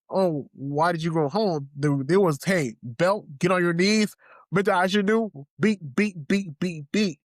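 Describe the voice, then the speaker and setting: On a podcast, a young Haitian man gives a heartfelt, emotional testimony about his life, repeating phrases to drive them home. His voice leans high, and the studio-quality recording is dry.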